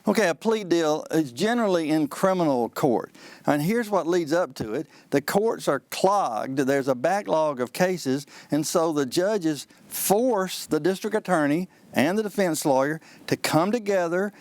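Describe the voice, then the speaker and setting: A trial lawyer talks listeners through courtroom practice in a folksy, lively manner. His voice sits a little high for a man. The sound is dry and close, with no room around it. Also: unhurried, dry recording. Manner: folksy, animated, acts out courtroom exchanges. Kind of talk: explaining on a call-in advice show.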